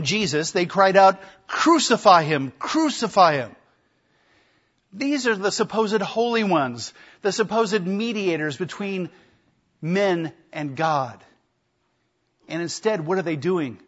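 A man's voice: high-pitched, a bit bright, lo-fi sound. A man preaching a sermon, emphatic, with repeated phrases and rhetorical questions.

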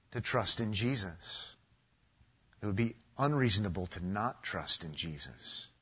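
A pastor preaching a sermon, a man from the United States with a husky voice, swinging between loud emphatic passages and hushed, quiet ones. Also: medium pitch, lo-fi sound.

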